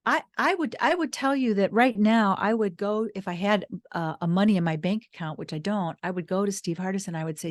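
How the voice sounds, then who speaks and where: A woman guest speaker telling a personal story in a soft-spoken, earnest, reflective way. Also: medium pitch, a little fast, hardly any pauses, no room sound. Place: retreat venue.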